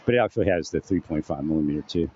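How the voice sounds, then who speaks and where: A man's voice: very deep voice, very fast, a little mellow, highs cut off, a little hiss or hum. A man rambling through a personal monologue into his own mic at home, distracted and restarting often. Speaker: vlogger. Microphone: home recording setup with phantom-powered mic.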